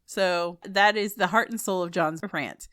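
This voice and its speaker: A woman co-hosting a casual podcast, talking in an animated, playful way and laughing often. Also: on the low side, a little slow, no room sound, clean studio sound. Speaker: podcast co-host.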